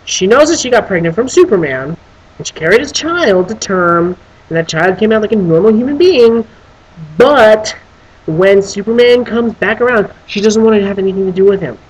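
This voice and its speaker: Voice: mid-range voice, moderate pace, husky, low-quality recording. A film reviewer on a casual video who rants with lots of swearing and restarts. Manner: animated, profane ranting with many restarts; breaks into voicing characters.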